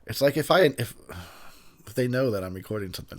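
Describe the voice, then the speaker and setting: A man's voice: medium pitch, animated, quick pace. A tipsy man hosting a casual movie commentary, rambling and laughing often.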